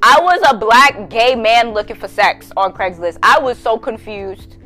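A young adult woman hosting a podcast, telling a story in a casual, profane, slangy way and laughing loudly, with faint music behind her. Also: on the high side, measured pace. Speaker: podcast host.

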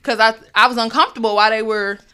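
A woman's voice: on the high side, rapid-fire, clean tone. A young woman telling a personal story, acting out what everyone said in quotes. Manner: animated, acts out others' words in quotes. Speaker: guest.

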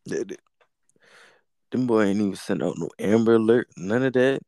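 A man's voice: on the low side, moderate pace, warm tone, no room sound, clean studio sound. A young man co-hosting a casual podcast, making laid-back, profane, joking asides. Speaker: podcast co-host.

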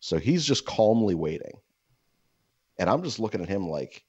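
A man's voice: fairly low pitch, sing-song, moderate pace, a little mellow, breathy edge, no room sound. A man casually telling a long anecdote, full of "like" fillers, slipping into voices when he quotes people. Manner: rambling, heavy "like" fillers. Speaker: storyteller. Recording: dull, lo-fi dry sound.

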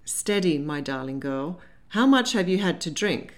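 A wry, teasing young gentleman, read by a woman in a Regency storybook, calm and quietly amused. His low-key delivery carries a lively lilt. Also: moderate pace, natural voice.

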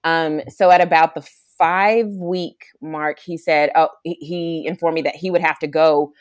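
Young woman telling an animated story. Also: normal speed, dry recording, clean studio sound. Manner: animated storytelling, acts out quotes in a high voice. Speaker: guest. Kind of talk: casual chat.

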